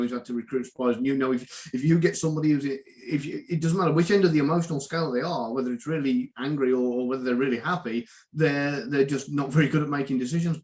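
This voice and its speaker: A man's voice: medium pitch, a little mellow. A man hosting a casual live video chat, easygoing and joking, often laughing. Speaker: host.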